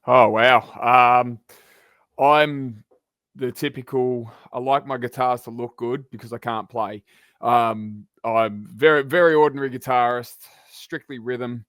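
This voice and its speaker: Man, podcast guest, relaxed rambling chat, dry close sound. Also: medium pitch, unhurried, clean tone, dry recording. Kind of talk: casual sports podcast chat.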